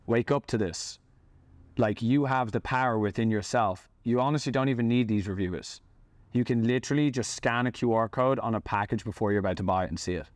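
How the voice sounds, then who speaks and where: Pissed-off business owner going on a rant, swears a lot, clean dry audio. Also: male voice, mid-range voice, no echo. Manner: angry, profane, blunt. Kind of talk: angry rant to camera.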